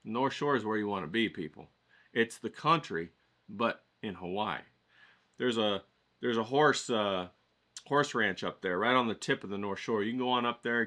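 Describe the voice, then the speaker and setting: Hyped, bright-voiced male vlogger. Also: on the low side, normal speed. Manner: hyped, folksy, swears freely, talks to viewers directly. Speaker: watercolor vlogger. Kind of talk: casual motivational pep talk to camera.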